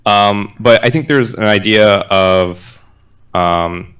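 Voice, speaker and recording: A man hosting a casual podcast among friends, soft-spoken and laid-back, swearing freely. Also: fairly low pitch, slow, smooth. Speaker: podcast host.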